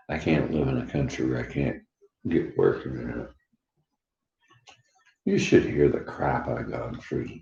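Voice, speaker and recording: A man in his sixties with a gravelly voice, rambling bluntly and profanely and laughing between remarks. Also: a bass voice, warm tone, slight background noise. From Canada. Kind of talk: rambling personal monologue. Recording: dull echoey room recording.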